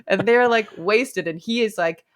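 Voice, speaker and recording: Woman co-host, mid-pitched, lively retelling of scenes. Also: unhurried. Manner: animated retelling, playing out characters' lines. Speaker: podcast co-host. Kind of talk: casual book club chat.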